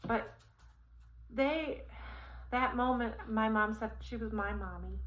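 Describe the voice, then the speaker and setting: Rambling woman vlogger, slightly high voice. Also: slow, poor audio. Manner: rambling, warm-hearted, many fillers and restarts. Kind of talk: casual storytelling while assembling a chair.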